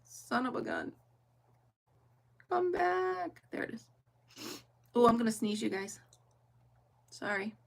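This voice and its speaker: A woman's voice: a little high, fairly even intonation, moderate pace, pauses often. Chatty woman crafting on a livestream. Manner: chatty, laughing often, thinking aloud. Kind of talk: casual chat while crafting.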